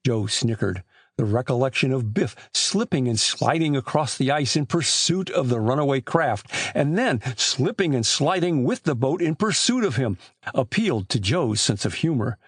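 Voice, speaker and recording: A man reading an adventure novel aloud as an audiobook narrator, with animated shifts for the characters. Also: medium pitch, moderate pace, slightly rough, no echo, clean studio sound. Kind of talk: scripted narration.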